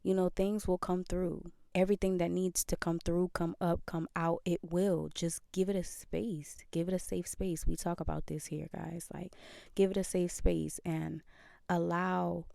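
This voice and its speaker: A woman's voice: fairly low pitch, little pitch movement, measured pace, gravelly, dark tone, dry recording, clean studio sound. A woman hosting a podcast, talking earnestly in a casual motivational monologue and repeating phrases for emphasis. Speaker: podcast host.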